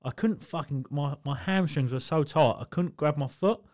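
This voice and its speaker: This man co-hosts a casual podcast chat, telling animated stories, swearing freely, and acting out what people said. His voice sits on the high side at a normal speed, recorded with studio quality and no room sound.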